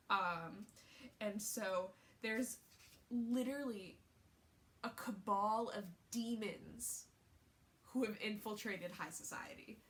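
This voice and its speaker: A woman's voice: mid-range voice, fairly bright tone, a little hiss or hum. A woman book vlogger talking in a casual, rambling way, with lots of fillers and restarts. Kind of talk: casual chat.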